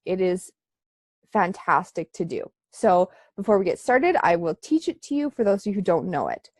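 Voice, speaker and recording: A woman leads a live online breathing class, her fairly low, slightly congested voice giving relaxed, chatty instructions at a moderate pace. She uses lots of fillers, and there's no echo.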